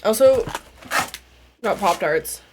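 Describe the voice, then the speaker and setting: A young woman streaming a game, chatting casually in a crude, joking and excitable way. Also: mid-range voice, slow pace, noisy background. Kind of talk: casual gameplay stream chat.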